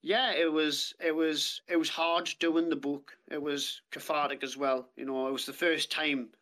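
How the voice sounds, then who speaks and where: A man's voice: on the high side, flat delivery, normal speed, a bit bright. A British man telling his story as a podcast guest, plain-spoken and blunt, with heavy swearing. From Britain. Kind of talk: casual storytelling chat. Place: podcast studio.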